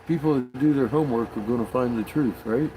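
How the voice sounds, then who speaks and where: A man's voice: medium pitch, brisk, warm tone, a little hiss or hum, rough recording. A man talking casually in a rambling monologue, swearing often and restarting his sentences. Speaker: conspiracy vlogger.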